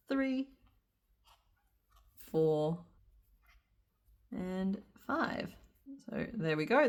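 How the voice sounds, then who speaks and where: A woman's voice: fairly low pitch, a bit bright. A woman teaching a crochet pattern step by step, counting stitches aloud and breaking into giggles. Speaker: crochet instructor. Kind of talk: step-by-step craft tutorial.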